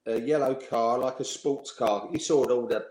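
Here a retired professional footballer, being interviewed, spins anecdotes with evident amusement and laughs mid-story. He talks at normal speed in a middle, darkish-toned voice, and the recording echoes around the room.

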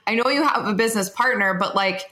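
A woman's voice: mid-range voice, quick pace, sharp tone. Enthusiastic woman podcast host. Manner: enthusiastic, encouraging reactions. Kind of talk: casual interview chat.

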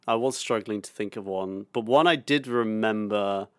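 A man's voice: fairly low pitch, normal speed, clean tone, dry recording, studio quality. A man in his twenties, a podcast co-host, telling stories in a rambling, laughing, sweary and self-mocking way. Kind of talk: casual chat, storytelling.

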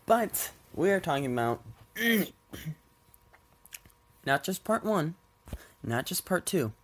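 A man's voice: medium pitch, a bit bright. A man hosting a casual solo podcast at home with a stuffy nose, rambling, laughing often and swearing offhandedly. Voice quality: congested, nasal. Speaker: podcast host. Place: at home with his cats.

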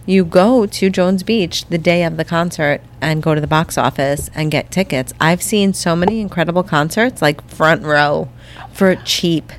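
A woman's voice: fairly low pitch, moderate pace, a little hiss or hum. A woman co-hosting a casual podcast, enthusiastic and gushing. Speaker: podcast co-host. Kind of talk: casual chat.

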